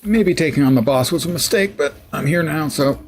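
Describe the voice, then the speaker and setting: A man's voice: a little high, brisk, slight background noise. A middle-aged man streaming a game, giving casual commentary with dry, sarcastic asides.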